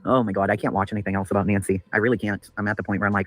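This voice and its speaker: Male livestream host, rapid and husky, profane and ranting, reads out chat names. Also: fairly low pitch, fairly even intonation, dry recording, soft background music. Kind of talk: casual livestream commentary.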